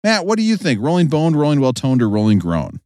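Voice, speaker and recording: A man hosts a loose, joking podcast, his voice bouncing up and down with lively swings in pitch. He sounds a little out of breath and recorded from a hot car. The sound is close and dry, with no room around it. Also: quick pace, no echo. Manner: animated, jokey, sarcastic asides. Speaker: podcast host. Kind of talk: casual comedic podcast chat.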